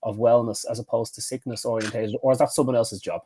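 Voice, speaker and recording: Male co-host, casual chat, short agreeing interjections, average pitch, faint background noise. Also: little pitch movement, fast, dark tone. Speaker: podcast co-host.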